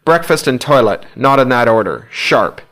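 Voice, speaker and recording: A man's voice: medium pitch, lively intonation, moderate pace, a bit bright, natural voice. A man voicing a hungover, desperate man who whines and wails in panic. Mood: panicky. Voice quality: wailing, whiny.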